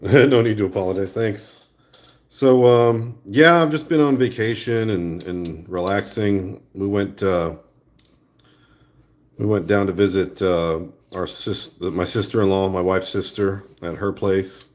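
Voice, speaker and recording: A man with a lowish voice talks through his sculpting work in a casual vlog. His delivery is relaxed and meandering, with the offhand flow of someone busy with his hands. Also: a little slow. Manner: relaxed, rambling talk while working with hands. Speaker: art vlogger. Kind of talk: casual chat while sculpting. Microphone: new phone.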